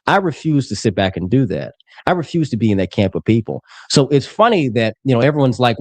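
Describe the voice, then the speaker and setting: A young man in his twenties argues in a streamed debate, fast and combative, with lots of swearing and talking over the others. His pitch leaps up and down as he presses his points. The sound is close and dry. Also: sing-song, no room sound. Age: 20s. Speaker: political commentator. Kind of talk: heated debate on a live stream.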